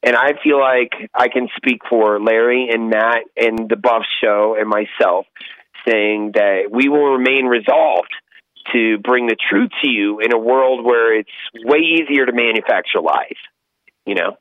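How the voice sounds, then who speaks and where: A man's voice: mid-range voice, a little slow. A male podcast co-host talking politics and exhorting listeners in a preachy way, on dull lo-fi audio. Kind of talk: casual political talk.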